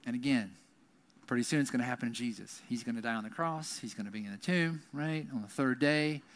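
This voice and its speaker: A man preaching a sermon as a pastor, talking in a conversational way and often tagging his sentences with "right?". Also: mid-range voice.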